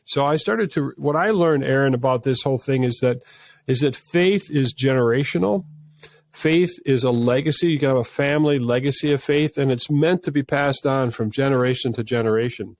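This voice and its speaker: A man's voice: medium pitch, moderate pace. Earnest male filmmaker telling stories. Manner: earnest, with frequent restarts and false starts. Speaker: filmmaker guest. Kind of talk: conversational storytelling.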